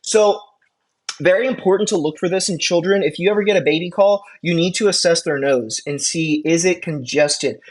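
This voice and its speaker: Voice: medium pitch, moderate pace. An EMT course instructor giving a classroom lecture in a casual, chatty way, with conversational asides and frequent check-ins with the class.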